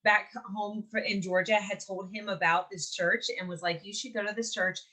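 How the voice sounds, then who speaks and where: A woman in her forties from Mississippi, co-hosting a podcast and telling a story in a lively, chatty way, laughing often and acting out what people said. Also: mid-range voice, moderate pace. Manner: animated, laughs often, acts out quotes. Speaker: podcast co-host. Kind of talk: casual storytelling chat.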